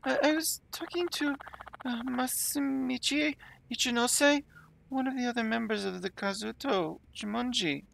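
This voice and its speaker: A woman's voice: fairly high pitch, normal speed, gravelly, a bit bright, slight background noise, poor audio. A woman doing a shy, hesitant young writer. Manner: hesitant, slightly embarrassed.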